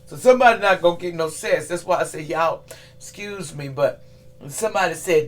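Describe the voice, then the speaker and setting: Woman reading tarot for her channel: loose, chatty, easy laughter, a bit low in pitch. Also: brisk. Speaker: tarot reader. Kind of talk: casual weekly reading vlog.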